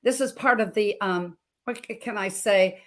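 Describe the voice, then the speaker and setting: A health coach from Montana, a woman in her thirties, tells an emotional personal story as a guest on a talk show. She speaks passionately and emphatically, repeating phrases, in a medium-pitched voice at normal speed.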